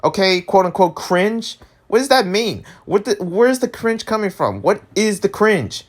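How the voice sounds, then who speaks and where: A man vlogging in a casual rant, animated and exasperated, laughing often and tripping over his words. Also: measured pace. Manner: animated, exasperated, pitch jumps high when worked up.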